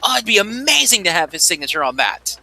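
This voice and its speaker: Guy doing a fanboy map seller in a tabletop game, bright and bouncy, gushes a lot. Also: high voice, quick pace, gravelly, voice pushed up, exaggerated voice, poor audio. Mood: gushing. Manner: gushing fanboy, breathless excitement. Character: eager starstruck male cartographer shopkeeper.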